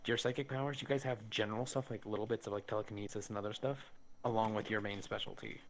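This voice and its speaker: A man's voice: fairly low pitch, steady tone, fast, poor audio. A man running a tabletop role-playing game as game master, explaining rules and describing events casually.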